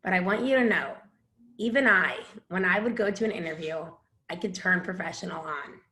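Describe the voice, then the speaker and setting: A woman's voice: fairly low pitch, normal speed, bright, forceful tone, roomy sound. A woman instructor giving frank, casual advice in a conversational teaching chat.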